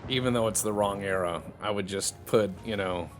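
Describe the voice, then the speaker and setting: A man's voice: on the low side, normal speed, music in the background. A man giving joking, casual play-by-play commentary on a strategy game. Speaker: gameplay commentator.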